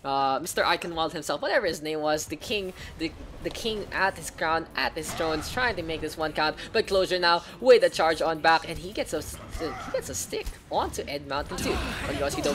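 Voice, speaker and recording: A woman giving live play-by-play commentary on an esports match, shifting between excited calls and relaxed banter with her viewers. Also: sits low, normal speed. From Philippines. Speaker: esports caster.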